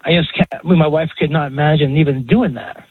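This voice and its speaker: A man's voice: on the high side, fairly even intonation, brisk, husky, no echo. A man calling into a radio show, talking emotionally and choking up as he speaks. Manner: emotional, choked up. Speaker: caller. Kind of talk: call-in radio talk. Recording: tinny phone line.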